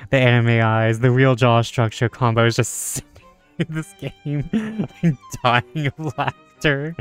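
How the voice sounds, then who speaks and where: A man's voice: medium pitch, slow, smooth, soft background music. A man playing a story game and chatting about it, laughing often and making playful asides. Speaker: game streamer. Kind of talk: let's play commentary.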